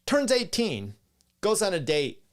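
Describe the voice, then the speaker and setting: A man's voice: high voice, huge pitch swings, a little slow. A middle-aged man hosting a podcast, rambling casually with profane, chuckling asides as he reads viewer comments. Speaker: podcast host. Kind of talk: casual live-stream talk, reading chat.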